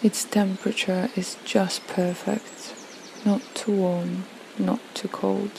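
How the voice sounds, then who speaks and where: A woman leading a guided relaxation visualization, speaking slowly and soothingly with long pauses. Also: medium pitch, flat delivery, vocal fry, mellow, slight background noise, low-quality recording. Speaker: yoga and meditation guide.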